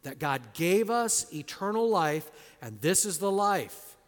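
A man preaching an expository sermon, stressing words loudly and dropping to quiet, low endings, sometimes drawing single words out slowly. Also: sing-song. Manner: emphatic, swings between loud stresses and quiet low endings; drawn-out slow emphasis on key words. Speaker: pastor. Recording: long hall reverb.

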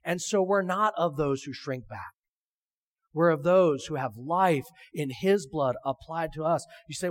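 Man preaching with a fairly high voice. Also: moderate pace. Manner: emphatic, rhetorical questions, reads scripture aloud. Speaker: pastor. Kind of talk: sermon.

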